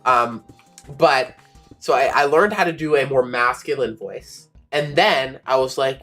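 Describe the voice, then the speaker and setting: A woman's voice: extremely low pitch, measured pace, a bit bright, soft background music. A woman streamer chatting casually, talking about how she uses her voice and laughing often. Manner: chatty, demonstrating voices, frequent laughs and fillers. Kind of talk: casual chat on a game stream.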